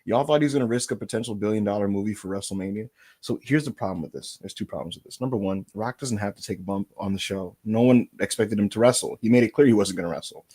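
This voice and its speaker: A man's voice: on the low side, fast talker, slightly rough. A man co-hosting a wrestling podcast, ranting in a casual, profane and exaggerated way. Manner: animated, profane, exaggerated storytelling. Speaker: podcast co-host.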